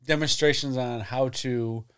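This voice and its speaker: A man's voice: medium pitch, steady tone, unhurried, smooth. A man co-hosting a casual podcast, joking and rambling through his points with many fillers and some swearing. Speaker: podcast co-host. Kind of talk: casual chat.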